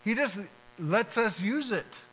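Bright-voiced man preaching a sermon. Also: high voice, animated, takes it slowly, slightly rough, poor audio. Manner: conversational, acts out little prayers and dialogues. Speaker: pastor.

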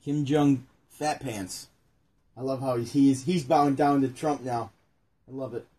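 A man's voice: medium pitch, steady tone, a little slow, warm tone. A man co-hosting a casual chat, reading a children's book aloud into a phone camera and joking about his own mistakes. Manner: jokey, rambling, laughs at himself. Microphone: phone front camera.

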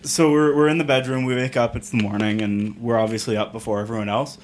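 A man's voice: mid-range voice, fairly even intonation, fast, a little hiss or hum. A young man co-hosting a podcast, telling a story in a laid-back, casual way and laughing through his punchlines. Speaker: podcast co-host.

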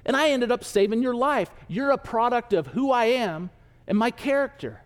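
A man's voice: extremely high pitch, lively intonation, moderate pace, long reverb tail, pitched above the performer's own voice. A man voicing God as a patient, loving father figure who pleads earnestly. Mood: pleading.

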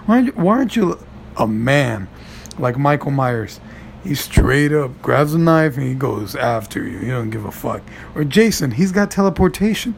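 A man in a profane stand-up style rant, gravelly, animated, swinging from low mutters to high shouts. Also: moderate pace, a little hiss or hum.

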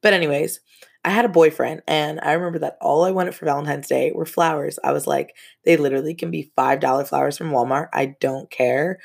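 A woman's voice: sits low, steady tone, a little fast, gravelly, breathy edge. A young woman hosting a casual podcast, telling a story with frank, profane asides and laughs.

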